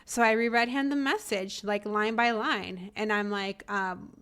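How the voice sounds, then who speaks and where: A woman's voice: mid-range voice, a little slow, clear, resonant tone. A young adult woman hosting a podcast, telling a family story in a casual monologue and acting out what her relatives said. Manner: animated, acts out family members' lines. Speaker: podcast host.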